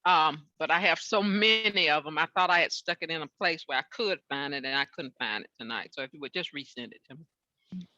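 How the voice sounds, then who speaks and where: A woman's voice: deep voice, fairly quick, pushed and bright, no echo. A woman taking part in a class on a video call, speaking politely and chattily. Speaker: class participant. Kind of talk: casual request on a video call. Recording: dull, muffled video call audio.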